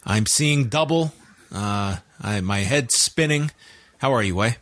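A man's voice: mid-range voice, lively intonation, unhurried, a bit bright, no echo. Casual podcast host, man, mid voice, dry close sound, loose and chatty. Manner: rambling, restarts phrases. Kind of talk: casual live chat.

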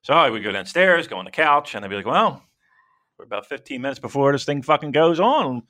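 A man's voice: medium pitch, brisk. A man co-hosting a casual wrestling podcast, rambling and swearing as he tells stories. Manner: profane, rambling, animated storytelling. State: dealing with a sore shoulder. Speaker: podcast co-host.

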